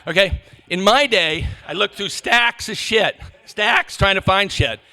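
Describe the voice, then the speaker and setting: Guy running a panel on stage, rambly and jokey, high bright voice, swears a lot. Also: unhurried. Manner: rambling, joking, self-interrupting, profane. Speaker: panel moderator. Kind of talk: stage rant at a conference panel. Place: conference hall stage.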